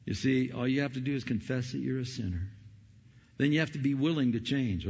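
A male pastor preaching an impassioned Christmas sermon, swinging between loud questions and low, soft appeals. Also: a little fast, gravelly, breathy edge. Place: church sanctuary. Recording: dull, hall reverb.

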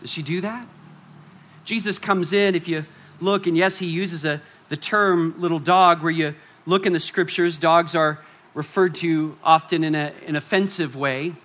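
A male preacher with a high, bright voice delivers an animated sermon. He swings between raised, playful bursts and quiet, hushed stretches, acting out the people he quotes. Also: normal speed.

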